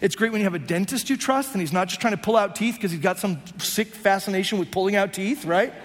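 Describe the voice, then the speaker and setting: A man's voice: high-pitched, quick pace. A man preaching a sermon as pastor, talking conversationally and slipping into playful voiced asides. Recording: long hall reverb.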